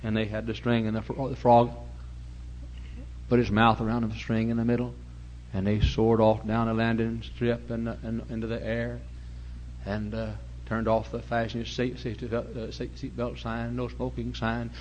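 A male pastor preaching a sermon, telling folksy stories and rising to loud preaching. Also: medium pitch, monotone, moderate pace, muffled recording, slight background noise.

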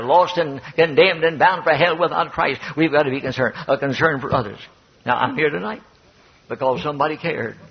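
Older preacher on a dull old recording. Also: male voice, fairly high pitch, breathy edge. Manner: repeats phrases, emphatic preaching cadence. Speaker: Baptist pastor. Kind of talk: sermon.

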